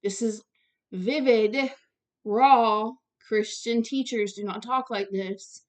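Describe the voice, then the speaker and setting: A woman's voice: medium pitch, slow pace. Earnest woman reading scripture aloud. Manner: earnest, direct, stumbles over long words. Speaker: Bible teacher.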